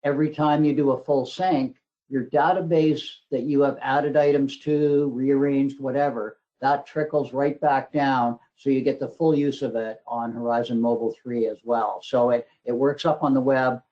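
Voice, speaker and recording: A man's voice: mid-range voice, steady tone, moderate pace. Webinar guest, male, mid voice, plain casual explainer, muffled remote audio. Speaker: guest presenter.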